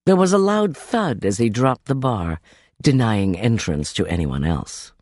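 Slow, husky male storyteller. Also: on the low side, sing-song, a little mellow, no echo, clean studio sound. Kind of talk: scripted story narration.

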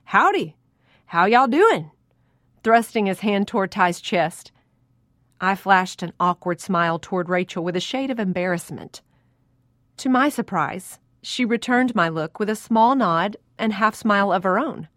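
A woman in her thirties, narrating her own memoir in a reflective, measured way. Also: medium pitch, a bit bright, dry recording, clean studio sound. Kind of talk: reading a personal memoir aloud.

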